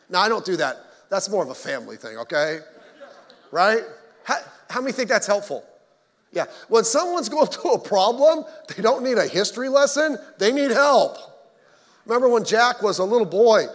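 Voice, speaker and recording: A man's voice: high voice, fairly bright tone. A man preaching a conversational sermon as pastor, folksy, with joking asides to the congregation. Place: church sanctuary. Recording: long hall reverb.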